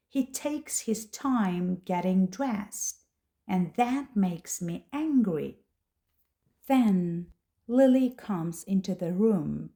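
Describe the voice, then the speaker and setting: A woman slowly narrating a first-person story for English learners, with a deliberate storytelling manner. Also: mid-range voice, gravelly, mellow, roomy sound.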